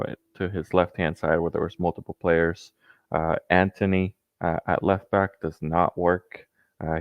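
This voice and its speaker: Deep-voiced hesitant male caller on a thin line. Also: dry recording. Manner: hesitant, many fillers and restarts. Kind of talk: live-stream call-in football chat. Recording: tinny phone-like call line.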